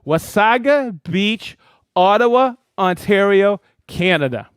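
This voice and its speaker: A man hosting a weekly live stream, reading out viewers' names and hometowns with excitement. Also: high voice, slow pace, clear, resonant tone, dry recording, clean studio sound. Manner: lively, reads viewer names and places with excitement. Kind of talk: live stream shout-outs.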